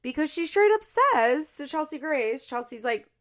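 In a high-pitched, sing-song voice at a moderate pace, a woman hosts a podcast recapping a reality show. Her casual chat is chatty, full of "like," and broken up by frequent laughter.

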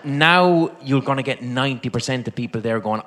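A man's voice: medium pitch, moderate pace, few pauses, fairly bright tone. An Irish man doing profane, rambling live stand-up comedy as host in a venue. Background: faint audience.

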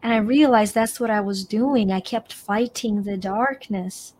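A woman's voice: mid-range voice, a little slow, a little mellow, slight background noise. A middle-aged woman from Ukraine, a coach guest in an interview, talking expressively and repeating phrases for emphasis. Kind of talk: conversational interview.

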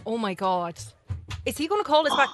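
Excitable woman co-hosting radio. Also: a little high, brisk, faint music behind. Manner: excitable, dramatic. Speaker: radio co-host. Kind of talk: casual radio banter.

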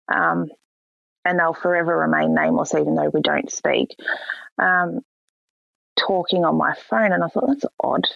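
A young woman tells her story in a gravelly, husky voice, jumping into quoted lines with lively energy. The recording is dry and a bit dull. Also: on the low side, no room sound. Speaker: guest. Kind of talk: casual storytelling.

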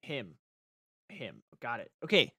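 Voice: mid-range voice, very animated, slow, pushed and bright, slightly rough, dry recording, studio quality. A tabletop player chatting in character and out, asking rambling strings of questions. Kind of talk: casual tabletop play.

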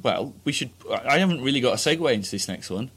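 A man's voice: medium pitch, expressive, fast talker, a bit bright, husky. A man co-hosting a casual comedic podcast, teasing and telling rambling stories. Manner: jokey, teasing, rambling storyteller. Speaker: podcast co-host.

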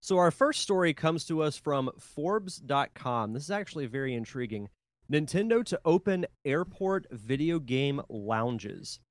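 A man hosting a podcast, reading a news story aloud at a measured pace. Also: a little high, dry recording. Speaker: podcast host. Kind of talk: casual chat and reading news.

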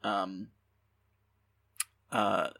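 A man's voice: on the low side, flat delivery, very slow, vocal fry, bright, forceful tone, no room sound, distant mic. A man co-hosting a podcast in casual chat, rambling with lots of ums and restarts. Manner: rambling, many fillers and restarts. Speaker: podcast co-host.

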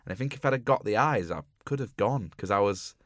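A man hosting a casual film review podcast, chatty and animated as he retells scenes. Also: fairly low pitch, quick pace, dry recording, studio quality. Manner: chatty, animated storytelling with quoted lines. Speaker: podcast host.

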